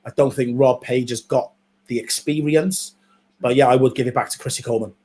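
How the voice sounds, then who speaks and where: A man's voice: mid-range voice, fairly even intonation, fairly quick, dark tone. A man from Wales co-hosting a live football watchalong, bantering playfully with his co-host and the viewers. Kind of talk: casual live match chat.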